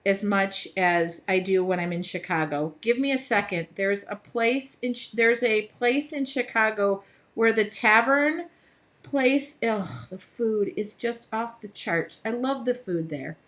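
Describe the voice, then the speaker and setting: She has a mid-range, slightly bright voice and talks a little slowly. A Midwestern American painting on a casual stream, she's chatty with viewers, laughs a lot, reads their comments out loud and bursts into bits of song.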